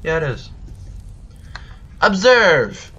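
Animated goofy man narrating gameplay. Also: on the high side, highs cut off, a little hiss or hum. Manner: goofy, rambling, quick outbursts. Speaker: gameplay commentator. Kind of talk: casual let's play commentary.

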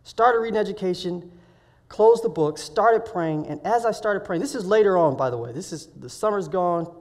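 A man speaking at a week of prayer, telling a personal story in a sermon and acting out the dialogue with lively swings of voice. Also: high voice, normal speed. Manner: animated, acts out dialogue in his story. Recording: reverberant hall.

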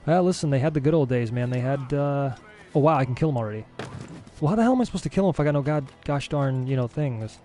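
Young guy streaming a game, gets worked up, mellow voice, music playing. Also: mid-range voice, fast. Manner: excitable, frustrated, swears mildly. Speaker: gaming streamer. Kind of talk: casual let's-play commentary.

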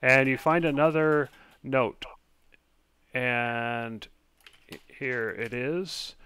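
A man's voice: medium pitch, steady tone, extremely slow, pushed and bright, clean tone, no room sound. A man narrating a tabletop game as game master, hesitant and full of fillers, over online voice chat.

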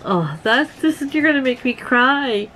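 A woman's voice: high-pitched, animated, moderate pace, sharp tone, a little hiss or hum, poor audio. A middle-aged woman from Canada hosting a casual vlog, giggling often and talking to her viewers like friends. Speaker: vlog host.

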